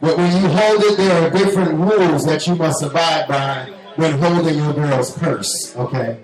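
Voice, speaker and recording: A man's voice: fairly high pitch, moderate pace, a little mellow. A man from New Orleans with a New Orleans accent doing a profane, brash stand-up comedy set and working the crowd on a club stage. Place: club stage before a live audience. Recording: echoey club with audience noise.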